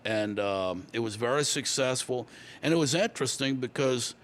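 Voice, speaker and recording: A man in his sixties from Louisiana, a guest musician telling stories in a relaxed interview, rambling along unhurriedly with many fillers. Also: mid-range voice, normal speed.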